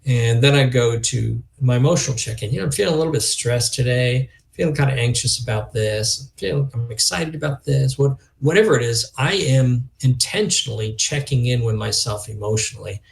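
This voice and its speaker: A middle-aged man talks in a relaxed interview with an earnest, reflective manner. His voice has a gravelly edge. He often acts out the words of others as he tells his story. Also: mid-range voice. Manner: earnest, reflective, quick to emotion, acts out quoted dialogue. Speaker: guest, youth organization leader. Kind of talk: conversational podcast interview.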